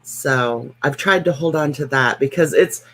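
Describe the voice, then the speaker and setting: A woman's voice: a bass voice, a little slow, a bit bright. A woman with a Midwestern American accent, chatting in a dry, matter-of-fact way. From Southern United States. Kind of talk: casual chat.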